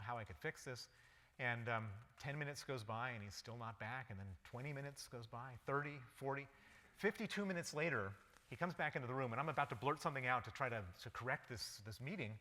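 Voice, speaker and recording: Speaking fast with a sharp tone at medium pitch, a guest lecturer relates a personal story in vivid present tense during a public lecture. The hall gives the recording a long reverb.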